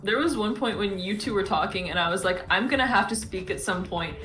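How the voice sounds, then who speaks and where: A woman's voice: mid-range voice, brisk, fairly bright tone, soft background music. Woman player, chatty rambling anecdote-teller, echoey room. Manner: rambling, chatty storyteller with many restarts. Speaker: tabletop game player. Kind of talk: casual out-of-game chat.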